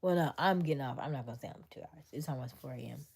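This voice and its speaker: A woman's voice: extremely low pitch, racing, creaky, darkish tone, husky. A woman hosting a casual late-night livestream, chatting with viewers, laughing often and slipping into whispers. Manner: reads answers aloud to viewers. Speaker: livestream host.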